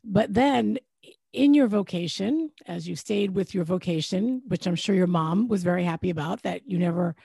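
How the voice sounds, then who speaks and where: A woman interviewing a guest, asking questions casually with quick, encouraging interjections. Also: on the low side, creaky, dark tone, slightly rough, no room sound.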